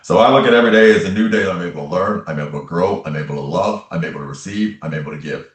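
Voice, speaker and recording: A man with a very low voice tells a personal story as an interview guest. He speaks earnestly and repeats key phrases for emphasis. He sounds a little distant from the mic, in a room with noticeable echo. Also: very fast. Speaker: interview guest, tarot reader and medium.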